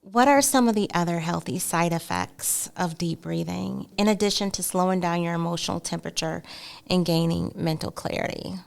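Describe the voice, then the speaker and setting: Low-voiced woman hosting a podcast. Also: moderate pace, vocal fry. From United States. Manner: warmly affirming, frequent backchannel. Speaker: podcast host. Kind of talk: interviewing, casual chat.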